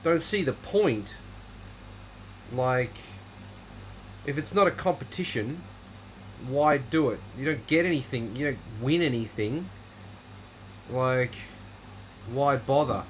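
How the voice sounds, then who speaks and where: A man's voice: mid-range voice, expressive, slow pace, long pauses, a little hiss or hum, low-quality recording. A man hosting a casual livestream chat, rambling in a dry, offhand way while reading viewer comments. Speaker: livestream host.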